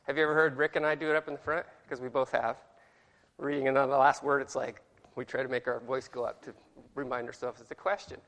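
A man's voice: mid-range voice, level tone, quick pace, fairly bright tone, in a large hall. A man leading an informal Bible study, reading verses aloud with exaggerated inflection and joking about himself. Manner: casual, self-deprecating, reads verses aloud with exaggerated inflection. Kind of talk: informal Bible class teaching.

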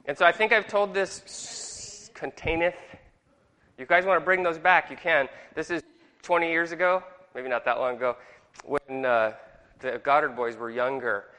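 A man's voice: a little high, moderate pace, sharp tone. A middle-aged man teaching a Bible class in a jokey way and asking the room questions. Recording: long hall reverb.

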